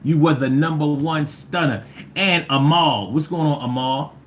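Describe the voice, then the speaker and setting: A man's voice: fairly high pitch, a little slow, a little hiss or hum. A man from Philadelphia with a Philly accent, hosting a casual livestream and playfully reading out viewer comments, sometimes singing. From Philadelphia, USA. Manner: playful, riffing and breaking into sing-song chants. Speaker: livestream host.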